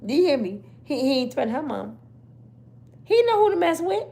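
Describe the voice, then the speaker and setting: A woman's voice: sits high, big pitch swings, brisk, creaky, warm tone. A woman host giving brash, profane storytelling commentary, laughing often.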